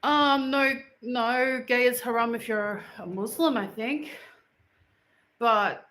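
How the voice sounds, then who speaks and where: A woman's voice: a little high, slow pace, fairly bright tone, echoey room, poor audio. An Australian woman from Queensland chatting bluntly on a home livestream, answering viewer comments. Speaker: livestream host. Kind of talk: casual livestream chat. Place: home, indoors.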